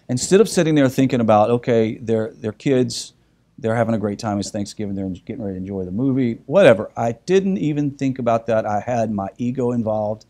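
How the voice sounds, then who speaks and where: Dark-voiced man telling a lively family story. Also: medium pitch. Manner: animated storyteller, acts out voices, many restarts. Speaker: speaker teaching a group. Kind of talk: storytelling talk.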